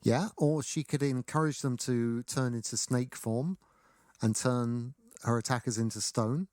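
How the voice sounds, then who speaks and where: A man's voice: mid-range voice, measured pace, no echo, clean studio sound. A man co-hosting a podcast, chatting casually and wryly, acting out little scenes. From Britain. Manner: wry, animated, acts out quoted scenes. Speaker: podcast co-host. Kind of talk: casual chat.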